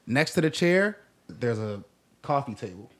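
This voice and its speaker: Young man, podcast co-host, rambling storyteller, profane, casual chat, mid-pitched voice. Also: very animated, measured pace, a bit bright.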